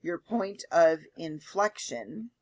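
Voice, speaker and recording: A woman's voice: sits low, big pitch swings, slow pace, darkish tone. A woman teaching a math lecture, explaining step by step and often checking in with "okay?". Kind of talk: lecture with board work.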